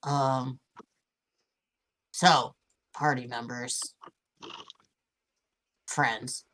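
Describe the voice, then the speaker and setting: A tabletop player speaking in character and cautiously warning the party, pausing on ums. The delivery is slow and measured. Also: mid-range voice, steady tone, fairly bright tone. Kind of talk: playing a tabletop game in character.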